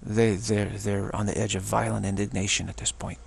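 A man's voice: fairly low pitch, flat delivery, moderate pace, vocal fry, a little hiss or hum. A man giving a solo spoken commentary, rambling earnestly and often repeating and restarting his phrases. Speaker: channel host.

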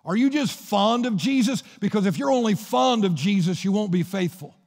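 High-voiced, gravelly preaching man. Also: animated, normal speed, darkish tone. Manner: storytelling preacher retelling Bible scenes. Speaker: pastor. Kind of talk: sermon. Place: church sanctuary. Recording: long reverb of a church hall.

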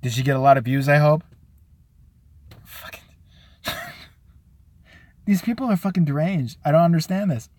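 A man's voice: a little high, animated, normal speed, pauses often, a little mellow, dry recording. A man hosting his own show, delivering a crude, sarcastic comedic rant and slipping into mocking impressions of other people. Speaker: show host.

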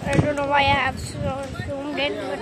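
A woman's voice: high-pitched, completely flat delivery, moderate pace, over a noisy crowd. A woman narrating a casual walking vlog outdoors by the sea, eagerly repeating words as she points things out to her phone camera. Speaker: vlogger. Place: outdoors by the sea and a busy street. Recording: loud outdoor noise.

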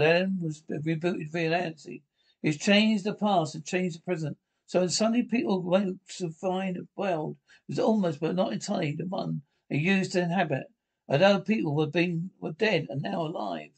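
A man reading a fan audio drama alone, voicing all the characters and narration, with a halting delivery and frequent restarts. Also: high-pitched, gravelly, husky. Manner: switches between character voices and narration. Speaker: reader voicing every character.

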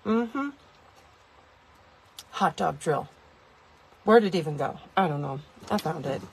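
A woman's voice: low-pitched, animated, a little slow, gravelly, slightly rough. A woman reviewing a kitchen gadget from inside her car, rambling and joking at her own expense as she talks to viewers. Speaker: product reviewer. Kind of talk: casual product review vlog.

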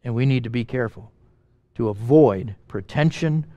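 A man preaching a sermon as pastor, animated and emphatic, asking the congregation questions and making quick asides. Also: mid-range voice, no room sound, highs cut off.

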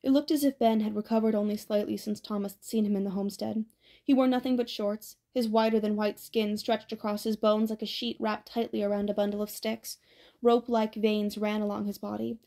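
A woman narrating an audiobook with a steady, even reading. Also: mid-range voice, brisk, gravelly.

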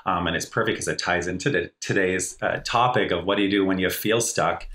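A man's voice: low voice, brisk, bright, forceful tone, reverberant. A man being interviewed as a life coach guest on a podcast, telling a story in an earnest, upbeat way.

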